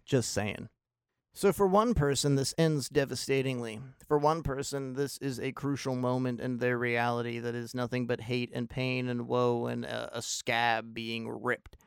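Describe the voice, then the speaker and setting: A man's voice: mid-range voice, steady tone, unhurried, gravelly, smooth, no room sound, studio quality. A man giving an intense, analytical and sometimes profane monologue about a film, in video-essay style. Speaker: film commentator.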